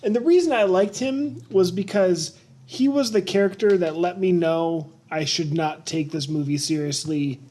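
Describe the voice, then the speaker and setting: A man's voice: high-pitched, moderate pace, dark tone. A man co-hosting a podcast, chatting playfully about a movie. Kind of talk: casual movie discussion.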